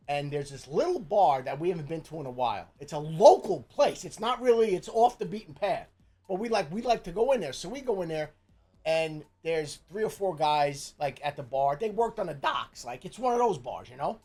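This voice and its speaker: A middle-aged man from Jersey City, USA, with a New Jersey accent and a fairly high, slightly mellow voice. He's a streamer host telling a profane story in casual chat, stammering and restarting often.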